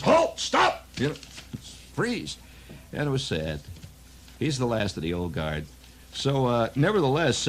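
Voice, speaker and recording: A man's voice: fairly low pitch, slight background noise. A middle-aged man hosting a radio show, telling wry, digressive stories in a loose, chuckling monologue. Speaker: radio host. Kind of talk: rambling storytelling monologue.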